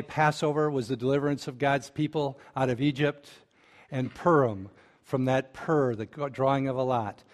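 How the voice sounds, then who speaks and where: A man preaching in a storyteller's manner, tossing quick asides to his listeners. His pitch sits in an ordinary middle range for a man, and the delivery is a lively sermon. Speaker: pastor.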